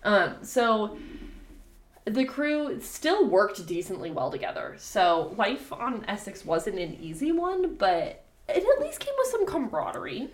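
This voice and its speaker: A woman's voice: medium pitch, wildly swooping pitch, a little slow. A young woman co-hosting a podcast, telling a history story in casual chat, laughing often and swearing freely. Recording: echoey room.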